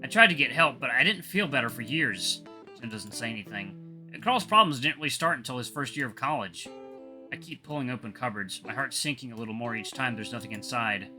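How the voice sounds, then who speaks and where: Lively man reading a story aloud. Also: mid-range voice, brisk, faint music behind. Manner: lively, with frequent self-corrections. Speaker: visual novel reader. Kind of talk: reading a visual novel aloud.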